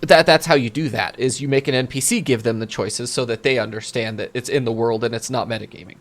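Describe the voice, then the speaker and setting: A man's voice: mid-range voice, fast. A man answering viewer questions as a game master in casual chat. He thinks aloud, restarts his sentences, and explains with examples from his own campaign.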